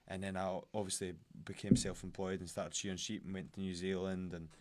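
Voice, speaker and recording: A man's voice: low-pitched, little pitch movement, a little fast, heavy background noise. A young Scottish man, a fighter, chatting casually as a podcast guest and telling rambling stories in broad colloquial speech. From Scotland.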